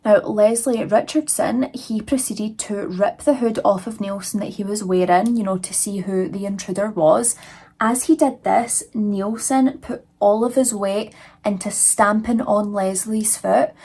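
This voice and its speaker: Speaking at a measured pace, a young woman hosting a true crime channel uses a medium-pitched, dark voice with some breathiness. She narrates the case in a chatty way, heavy on "like" and "you know."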